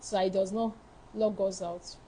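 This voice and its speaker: A woman's voice: mid-range voice, level tone, measured pace, dark tone, a little hiss or hum, poor audio. A woman giving frank, emphatic advice as a study-abroad counselor in a live session, repeating her key points. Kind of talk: live advice session answering viewer questions.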